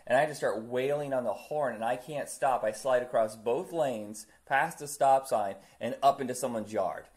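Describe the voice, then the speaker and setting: A man's voice: medium pitch, moderate pace, darkish tone. Blunt, profane man from Indiana. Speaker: podcast co-host. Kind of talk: casual chat.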